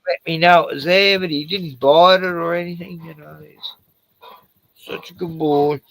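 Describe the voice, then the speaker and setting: A man's voice: fairly high pitch, steady tone, moderate pace, creaky, fairly bright tone, no echo. A man chatting casually on a home stream, crude and joking, swearing freely. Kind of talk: casual chat. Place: home at night, door open to yard.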